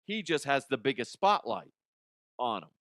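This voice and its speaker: A male podcast host rants and mocks with plenty of swearing. His pitch swings widely through each line. The sound is dry and close on the mic. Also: normal speed, gravelly, dry recording. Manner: profane, mocking and lively. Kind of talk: comedic rant.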